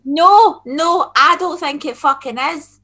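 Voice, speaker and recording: A woman's voice: sits high, slow pace, pushed and bright. A woman co-hosting a comic podcast, swearing freely with a crude, sarcastic edge. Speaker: podcast co-host.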